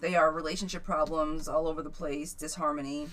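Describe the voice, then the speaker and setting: Woman tarot reader on a live stream, slightly low voice, casual and chatty. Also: steady tone, brisk, a bit bright. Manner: chatty, repeats viewers' questions aloud, stumbles over words. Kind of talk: live-stream chat reading viewer questions.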